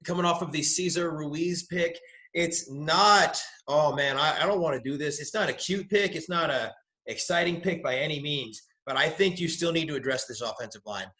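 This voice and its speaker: A young man co-hosting a casual sports talk show, giving animated, opinionated football draft analysis. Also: fairly high pitch, moderate pace. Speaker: podcast co-host, mock draft participant.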